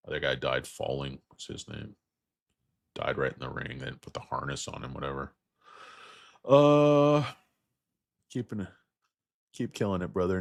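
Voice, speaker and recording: A man with a hoarse voice from getting sick, hosting a casual livestream about stocks. He rambles, jokes crudely and talks to his viewers. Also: a bass voice, no room sound, studio quality. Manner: rambling, crude, joking asides. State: losing his voice, feeling sick. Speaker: stock market livestream host.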